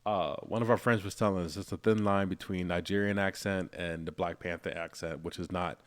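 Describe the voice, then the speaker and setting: Laid-back low-voiced man podcast co-host. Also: brisk. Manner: relaxed, rambling, many fillers and restarts. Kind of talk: casual chat.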